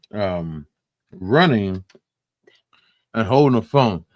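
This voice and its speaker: A man reacting to clips on a stream, talking slowly and profanely with a voice that swoops wildly up and down. His pitch sits on the lower side. The sound is dry and close to the mic. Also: big pitch swings, vocal fry, fairly bright tone, no room sound. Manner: profane, mocking, laughs often. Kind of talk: casual reaction commentary.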